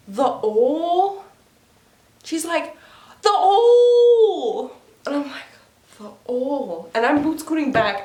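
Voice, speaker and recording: A woman vlogger telling a story casually to her viewers, chatty and rambling, with asides and sound effects. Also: medium pitch. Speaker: mermaid performer and vlogger. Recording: roomy echo.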